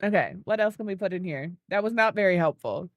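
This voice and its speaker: A woman's voice: medium pitch, expressive, fast talker, no echo, studio quality. A woman giving casual gameplay commentary, thinking aloud as she builds and cooing baby talk at an animal. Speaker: gaming video creator.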